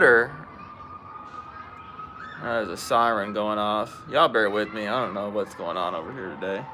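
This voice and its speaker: A man's voice: mid-range voice, bright, forceful tone, a little hiss or hum. Chatty man hosting a live stream. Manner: chatty, greets viewers by name. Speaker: fishing livestream host. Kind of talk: casual live-stream chat. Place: outdoors at home.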